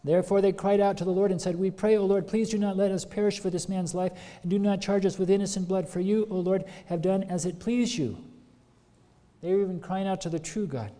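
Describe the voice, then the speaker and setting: A man's voice: high voice, fairly even intonation, brisk, mellow. A man preaching a sermon, retelling a scripture story and putting earnest questions to his congregation. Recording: long hall reverb.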